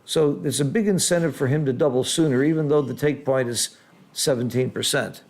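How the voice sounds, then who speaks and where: A man commenting live on a board game match, reacting loudly to big swings and then explaining the strategy patiently like a teacher. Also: medium pitch, brisk. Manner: excitable, exclaims loudly at big rolls, then explains calmly.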